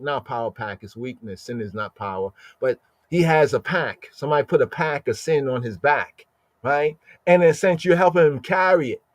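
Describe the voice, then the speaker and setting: A man teaching scripture in a podcast, explaining Hebrew words slowly and asking "right?" again and again. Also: on the high side, a little mellow, no room sound. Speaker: Bible teacher.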